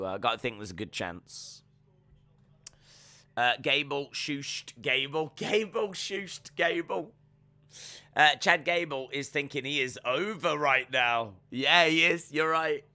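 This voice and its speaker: Hosting a live reaction stream, a man rambles loosely and animatedly, acting out scenes as he talks. His medium-pitched voice is very bright and forceful with a sharp, ringing edge, and there's no room sound.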